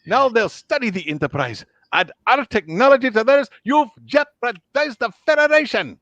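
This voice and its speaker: A man voicing an excitable older male ship engineer with a put-on Scottish accent, scolding in a high, agitated way. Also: normal speed, dry recording, dull audio, full character voice. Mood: indignant.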